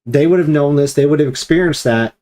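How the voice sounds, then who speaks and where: A man's voice: fairly high pitch, fairly quick, dark tone. A man leading a streamed Bible study discussion, explaining at length and acting out quoted commands with emphasis.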